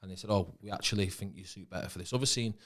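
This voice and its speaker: A man with a Manchester accent talks through his acting work in loose podcast chat. His voice sits a little low. He is relaxed, swears casually and often leaves sentences hanging. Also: very fast. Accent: Mancunian. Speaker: actor and podcast guest.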